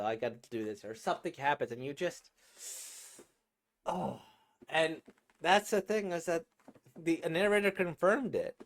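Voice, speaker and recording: A man reading manga aloud and reacting in an animated, emotional way with frequent laughter. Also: mid-range voice.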